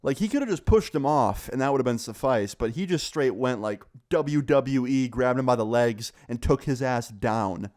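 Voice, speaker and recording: A young man casually telling a school story, animated and swearing, acting out what others said. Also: mid-range voice, normal speed, hardly any pauses. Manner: animated, swearing, acts out quoted voices. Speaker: storyteller vlogger.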